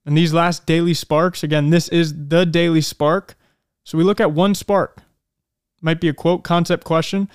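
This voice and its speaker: In a faith-based motivational talk, a male podcast host speaks earnestly and reflectively, slowing down to stress key lines. His smooth, resonant voice runs on the high side with a level tone. The sound is dry and close, without room echo.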